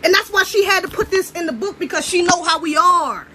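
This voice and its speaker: A woman's voice: very high voice, expressive, brisk, noisy background. A young American woman giving a blunt, preachy, profane casual monologue. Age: young adult. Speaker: commentator.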